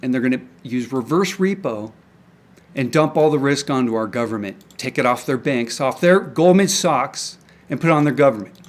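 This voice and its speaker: Ranting alone to camera, a young independent crypto commentator rails against the markets with frequent swearing and fumbled restarts. He has a mid-range voice with lively intonation at a moderate pace, recorded through the camera mic.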